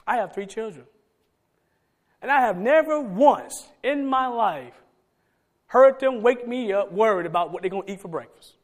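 A middle-aged man preaching a sermon, swinging between loud emphatic calls and soft low asides. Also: lively intonation, moderate pace. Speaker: pastor.

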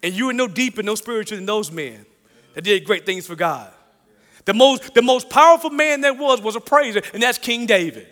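A man preaching a sermon, telling a personal story in an animated way, often repeating phrases and chuckling. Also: high-pitched, normal speed, long reverb tail.

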